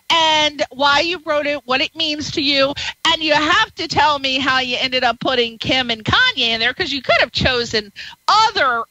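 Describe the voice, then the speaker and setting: Bubbly high-voiced woman radio host. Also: pushed and bright, no echo, poor audio. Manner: bubbly, flirtatious, jumps between topics. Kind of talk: radio interview, chatty and playful.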